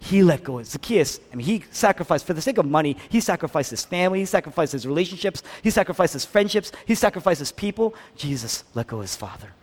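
A pastor delivers a sermon in a slightly high, sing-song voice, talking fast with few pauses. He swings from loud, emphatic build-ups to hushed near-whispers and keeps putting questions to the congregation.

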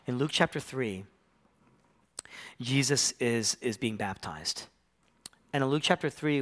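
A male pastor preaching a sermon, swinging from hushed, whispered lines up to loud, impassioned climaxes. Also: mid-range voice. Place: church.

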